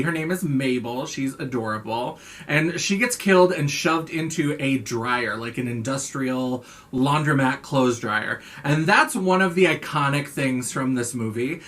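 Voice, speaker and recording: Playful, animated woman vlogger. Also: sits low. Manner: playful, sarcastic, theatrical asides. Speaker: horror vlogger. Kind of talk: casual video chat.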